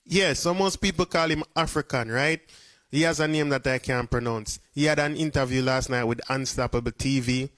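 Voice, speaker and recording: A man's voice: mid-range voice, moderate pace, a bit bright, no echo. Chatty Jamaican man, dry close sound. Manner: chatty patois, frequent "you see me". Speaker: vlogger. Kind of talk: casual commentary.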